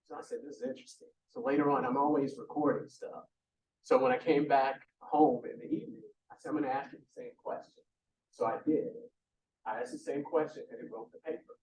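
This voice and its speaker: A man's voice: medium pitch, moderate pace, a little mellow. A man adding to a conference presentation, telling anecdotes in a conversational way. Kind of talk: conference talk. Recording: distant mic.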